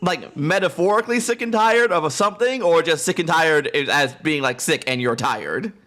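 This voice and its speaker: A man's voice: on the high side, animated, moderate pace, a bit bright. Giggly, playful man streaming. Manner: giggly, playful, keeps breaking into laughter. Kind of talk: casual live-stream chat. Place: home room. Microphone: close desk mic.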